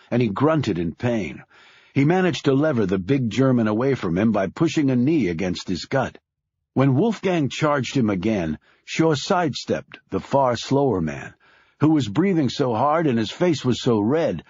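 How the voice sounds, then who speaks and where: Grave husky male audiobook narrator. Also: darkish tone, no echo, lo-fi sound. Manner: grave, measured, dropping low on sad lines.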